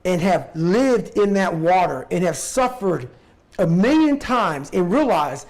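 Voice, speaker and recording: Intense, gravelly man swearing bluntly. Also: high voice, sing-song, measured pace. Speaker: interview guest. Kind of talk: motivational talk.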